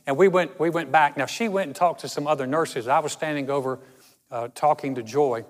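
Storytelling pastor in a reverberant hall. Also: male voice, fairly high pitch. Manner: storytelling, conversational with dramatic slow emphasis. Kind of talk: sermon.

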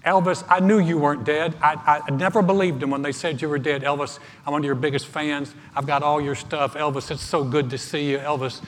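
Brief: excited cab driver voiced by a man, a bit higher and louder, echoing in a church. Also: a little fast, few pauses, slight background noise, natural voice. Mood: eager. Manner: eager, insistent. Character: insistent starstruck male taxi driver. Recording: live church recording with long reverb.

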